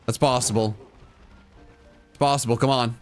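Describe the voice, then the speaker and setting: A man's voice: medium pitch, steady tone, moderate pace, faint music behind. A man streaming live to his chat, giving casual game commentary and repeating phrases as he goes. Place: home room.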